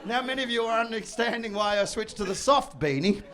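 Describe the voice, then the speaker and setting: A man doing a stand-up comedy set, brash and loud, bursting into shouts and mock voices. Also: extremely high pitch, lively intonation, brisk, crowd noise. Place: comedy venue with audience.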